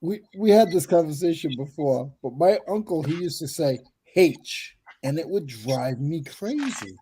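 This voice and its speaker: A man's voice: fairly high pitch, animated, measured pace, dark tone, a little hiss or hum. A man with a Rhode Island accent, chatting casually on a panel of resellers. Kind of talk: casual group chat.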